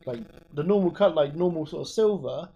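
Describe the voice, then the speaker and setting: A man's voice: a little high, animated, fairly quick, vocal fry, mellow, muffled recording, slight background noise. A man, co-hosting a podcast and explaining things at length in casual chat, with lots of fillers. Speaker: podcast co-host.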